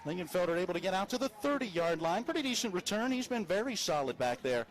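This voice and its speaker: A man with a West Virginian accent calling a high school football game live, reading sponsor spots between plays and climbing in pitch on big plays. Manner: fast, rising excitement on big plays, chatty asides. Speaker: play-by-play announcer. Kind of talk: live sports commentary with sponsor reads.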